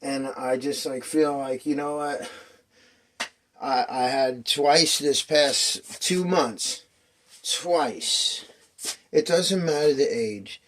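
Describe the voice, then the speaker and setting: A man in his fifties slowly tells a long personal story in a medium-pitched, fairly bright voice. He rambles restlessly, swears, and acts out what people said.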